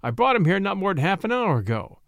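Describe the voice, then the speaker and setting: A man's voice: high voice, very animated, quick pace, creaky, no room sound, clean studio sound, pitched above the performer's own voice, full character voice. A man reading a story who voices a plain-spoken cab driver with blunt, folksy speech. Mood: matter-of-fact.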